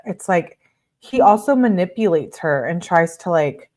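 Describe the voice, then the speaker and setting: A woman's voice: lowish voice, animated, moderate pace, a little mellow. A woman hosting a true-crime commentary, casually reading text messages aloud and adding her own chatty reactions.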